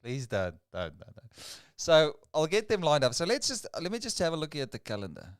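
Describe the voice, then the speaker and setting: Rambling South African man, lively pitch. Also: a little fast, clean tone, dry recording, studio quality. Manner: rambling, stammering restarts, laughs easily. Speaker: co-host. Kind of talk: casual livestream chat. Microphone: video call.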